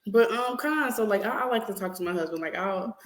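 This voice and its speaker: A young adult woman co-hosting a casual chat, lively and laughing often, with plenty of fillers. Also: medium pitch, fairly quick, echoey room, a crowd in the background, rough recording. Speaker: podcast co-host.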